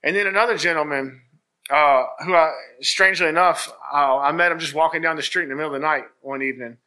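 A man's voice: a little high, fast, bright, forceful tone. A man giving a personal church testimony, telling his story in an earnest, rambling way with many restarts. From Virginia, US.

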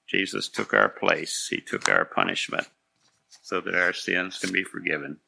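A man's voice: low voice, unhurried, vocal fry, sharp tone. A man preaching a sermon, telling a story in an earnest, folksy way.

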